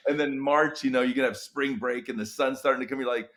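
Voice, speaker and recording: A man's voice: quick pace, few pauses, background noise. A middle-aged man, an experienced educator, talking in a podcast interview and acting out tired teachers with big vocal swings. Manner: animated storytelling, acts out weary teachers with big pitch jumps. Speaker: guest educator and author.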